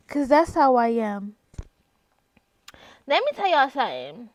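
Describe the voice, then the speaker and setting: High-voiced tipsy woman podcaster. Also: wildly swooping pitch, a little slow, pauses often, no echo. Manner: loud, playful, swears freely, breaks into singing. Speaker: podcast host. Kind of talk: casual solo podcast chat.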